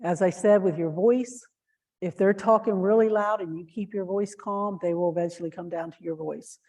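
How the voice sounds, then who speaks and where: Woman teaching shelter volunteers, mellow warm voice, earnest, lots of um and uh. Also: mid-range voice, fairly even intonation, normal speed. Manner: earnest, instructive, with many fillers and restarts; acts out example phrases in a lifted voice. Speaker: volunteer trainer. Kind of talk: training talk to volunteers.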